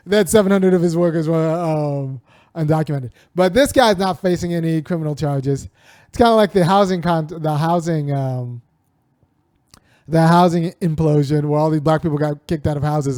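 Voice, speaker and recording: A male host delivers casual spoken commentary in a somewhat high, darkish voice at a slightly slow pace. He digresses, restarts often, and lets out wry laughs. The recording is dry and of studio quality.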